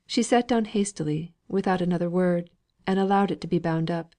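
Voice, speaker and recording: A woman reading a classic novel aloud as an audiobook narrator, steady and even. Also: on the low side, brisk.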